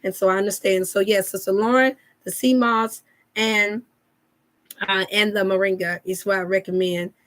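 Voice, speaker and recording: A woman's voice: medium pitch, steady tone, moderate pace, fairly bright tone. A woman hosting a casual wellness live chat, talking to viewers in a folksy, preachy way. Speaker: wellness show host.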